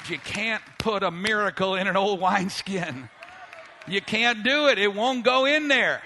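A man preaching a sermon as pastor, animated, swinging between loud outbursts and quiet, slow asides. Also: a faint crowd, a little hiss or hum. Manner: animated preaching, pitch and volume swinging widely, voicing people in his story. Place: church hall. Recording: long reverb of a large hall.

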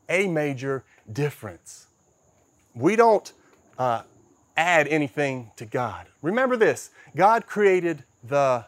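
A middle-aged man preaching a sermon as a pastor, emphatic, swinging between loud stresses and soft, quiet passages. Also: fairly high pitch, expressive, takes it slowly, no room sound.

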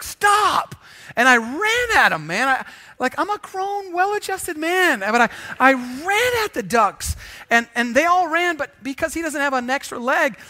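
A man preaching in church as pastor, telling a jokey story with sudden loud bursts. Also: very high voice. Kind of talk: sermon with storytelling.

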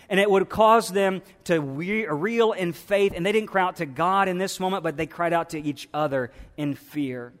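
A man's voice: fairly high pitch, big-room sound. A man preaching a sermon with passion, full of rhetorical questions and repeated restarts. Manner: impassioned, repetitive, many rhetorical questions and restarts. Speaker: pastor.

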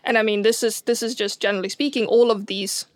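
A woman's voice: mid-range voice, steady tone, quick pace, no room sound, clean studio sound. A woman astronomer in a casual science chat, talking in a chatty way with many fillers and restarts and frequent laughs. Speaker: astronomer guest.

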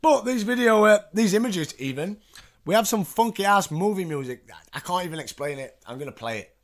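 A man hosts in a loose, chatty way, recapping matches with asides and the odd swear. His voice sits a touch high for a man. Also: lively intonation, normal speed. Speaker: podcast host. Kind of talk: casual recap commentary.

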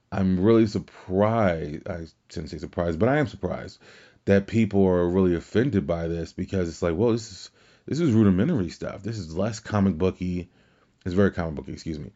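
A man with a deep, dark voice hosts a solo podcast, rambling casually through his thoughts. He restarts his sentences often and leans on filler words. The recording sounds dull and lo-fi. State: tired, fighting yawns. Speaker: podcast host.

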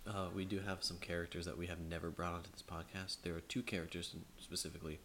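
A man with a very low voice co-hosts a podcast in loose, casual chat. He tells long, rambling stories full of fillers and restarts. A faint hiss sits under the recording. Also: little pitch movement, fast talker, a bit bright. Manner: rambling storyteller, many fillers. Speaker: podcast co-host.

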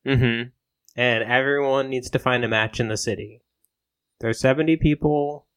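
A man adding absurd story twists in a matter-of-fact, deadpan way during a casual comedic chat. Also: medium pitch, moderate pace, clear, resonant tone.

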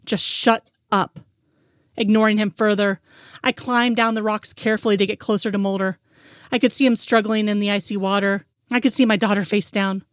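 A woman's voice: medium pitch, steady tone, fairly quick, no echo, studio quality. A woman reading a fanfic aloud in first-person narration, with an earnest, emotional delivery.

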